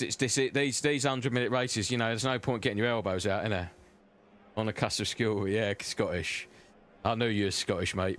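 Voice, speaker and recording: A man streaming a sim racing game live, chatting and joking with his viewers as he drives, his voice close and loud on his own desk mic. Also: medium pitch, smooth. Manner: chatty, banters with chat, cheeky. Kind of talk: live-stream gameplay commentary.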